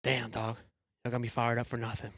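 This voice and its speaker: A young man hosting a live fan sports show, excitable and rambling, swearing freely and swinging from loud hype to low grumbling. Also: a little fast, no echo, clean studio sound. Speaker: sports podcast host.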